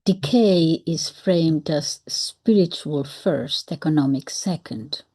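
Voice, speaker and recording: A woman speaks in a slow, unhurried, measured way as she analyzes the wording of a historical text. Her voice sits a little low and sounds warm and mellow. Now and then she drops into soft whispered asides. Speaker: commentator on historical texts. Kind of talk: reflective commentary.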